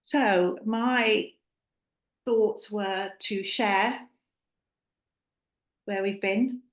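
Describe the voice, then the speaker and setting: A woman leading a community group video call, speaking gently and hesitantly and correcting herself as she goes. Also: medium pitch, fairly even intonation, very slow, reverberant. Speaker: group facilitator.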